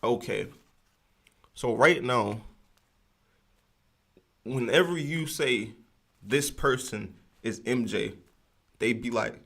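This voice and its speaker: Gravelly young man ranting casually. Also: mid-range voice, takes it slowly, long pauses, pushed and bright. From United States. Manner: loose, slangy, rambling, digresses often. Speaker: podcast host.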